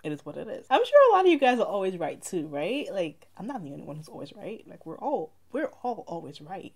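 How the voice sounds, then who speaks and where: A woman's voice: medium pitch, wildly swooping pitch, fairly quick, a little mellow, husky. A young woman with a mixed Saint Lucian and Bronx accent, chatting casually to her viewers in a rambling get-to-know-me vlog. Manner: chatty, rambling, many "like" fillers. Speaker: vlogger.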